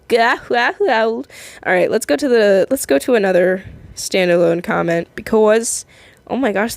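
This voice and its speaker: A woman's voice: mid-range voice, dry recording. A young adult woman casually reading online comments aloud and reacting to them, giggly and chatty, often stumbling and restarting her sentences.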